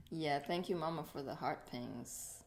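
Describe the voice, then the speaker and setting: Woman, livestream co-host, chatty, affectionate, fairly low voice. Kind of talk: casual chat.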